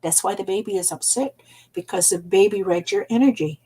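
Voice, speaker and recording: An older woman, an elder storyteller, teaches gently at a soft, unhurried pace, repeating phrases for emphasis. Her voice is husky and medium-pitched, and the audio quality is poor.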